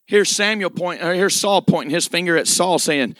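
A man preaching a sermon with emphatic delivery, dramatic pauses and repeated phrases. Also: high voice, fairly bright tone, no room sound, clean studio sound.

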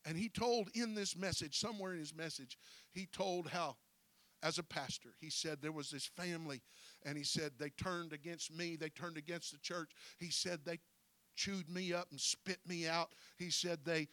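A man preaching a sermon as pastor, folksy and breaking his phrases with "uh", swinging from quiet storytelling to shouted preaching. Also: a little high, fairly even intonation, normal speed, dry recording.

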